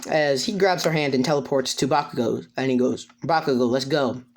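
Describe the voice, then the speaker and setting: Halting male storyteller improvising fan fiction, rambles and restarts. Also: mid-range voice, gravelly.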